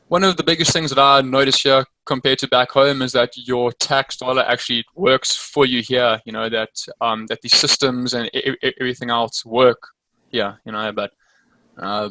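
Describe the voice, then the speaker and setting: A man's voice: mid-range voice, pushed and bright, dry recording, rough recording. A man from Africa, a guest in a casual interview, talking hesitantly with many fillers.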